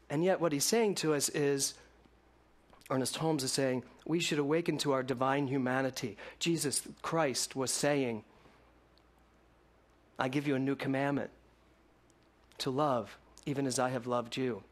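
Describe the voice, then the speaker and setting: A man preaching a sermon to a congregation, swinging between loud emphatic lines and hushed ones. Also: fairly high pitch, unhurried. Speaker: minister.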